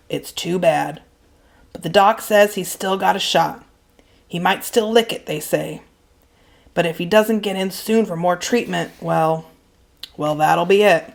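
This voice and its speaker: A woman voicing a gentle, grieving man driving a truck, speaking softly in a low, halting way. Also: gravelly. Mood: sorrowful.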